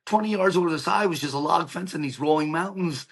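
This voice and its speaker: A middle-aged man, appearing as a podcast guest, energetically tells an emotional personal story in an interview, acting out quoted dialogue and peppering in "like" and "right?". His fairly high voice is fast and gravelly.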